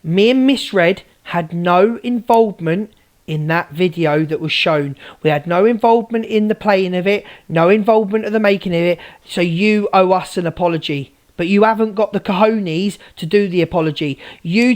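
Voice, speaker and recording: A woman's voice: on the low side, normal speed, darkish tone. A woman ranting angrily at viewers on a live stream, swearing and repeating herself.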